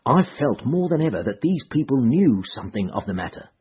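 A man reading a story aloud as narrator, telling it in an expressive way. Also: a little fast, husky. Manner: expressive storytelling, raises pitch for quoted speech. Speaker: audiobook narrator. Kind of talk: scripted narration with character voices. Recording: dull lo-fi recording.

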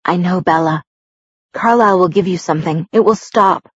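A woman voicing a gentle, worried young man. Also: on the low side, moderate pace, breathy edge, no echo. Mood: soothing. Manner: soft, soothing, reassuring. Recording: dull lo-fi recording.

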